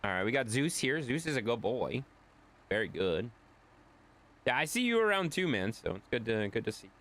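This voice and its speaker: A man's voice: medium pitch, very animated, moderate pace, fairly bright tone. A man streaming live, chatting casually and rambling as he answers viewers' chat.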